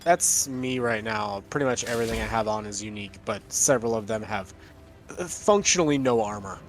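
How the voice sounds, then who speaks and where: A man's voice: fairly low pitch, expressive, brisk, soft background music. A man chatting while streaming a game with friends, making wry, self-mocking comments. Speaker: gamer on a stream. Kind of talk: casual chat while gaming.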